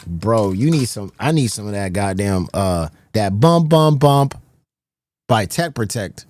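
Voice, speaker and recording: A man streaming live, chatting casually to his viewers, excitable and swearing often, repeating himself. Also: lowish voice, a little slow, dry recording.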